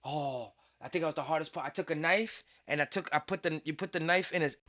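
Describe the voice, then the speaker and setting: A young man, hosting a casual podcast and telling stories in an animated, slangy way full of swearing. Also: on the high side, quick pace, dry recording, studio quality. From Puerto Rican, raised in New York. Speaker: podcast host.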